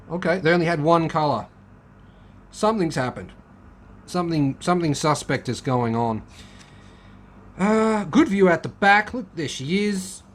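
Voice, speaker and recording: A man's voice: on the high side, slight background noise. A man chatting casually as he flips through a car magazine, musing aloud and joking. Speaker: car channel host.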